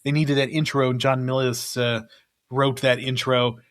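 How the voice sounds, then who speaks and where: A man's voice: mid-range voice, flat delivery, moderate pace, a bit bright. A man co-hosting a casual movie podcast, rambling through the cast list with frequent chuckles and fillers. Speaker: podcast co-host.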